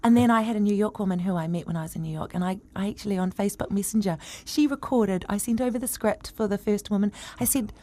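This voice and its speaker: A New actress talks warmly and eagerly in a casual radio interview, her voice mid-pitched. She is chatty and animated, with plenty of enthusiasm. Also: fast, few pauses. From New Zealand.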